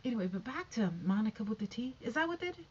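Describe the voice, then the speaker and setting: A woman with a high, youthful-sounding voice chatting casually and sassily to camera about online gossip. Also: fast talker, husky, lo-fi sound. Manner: chatty, sassy, animated, talks straight to viewers. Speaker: YouTube commentator.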